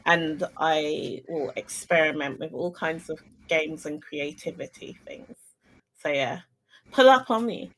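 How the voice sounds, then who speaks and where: A woman guesting on a casual livestream talk show, playful and giggly, with halting starts. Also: sits low, fairly bright tone. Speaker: guest streamer.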